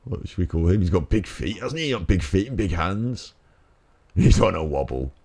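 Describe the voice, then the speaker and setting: A man's voice: sits low, expressive, moderate pace, creaky, darkish tone. A British man giving chatty, rambling let's play commentary, joking and laughing as he plays. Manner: jokey, chatty, laughs often. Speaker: gaming channel host.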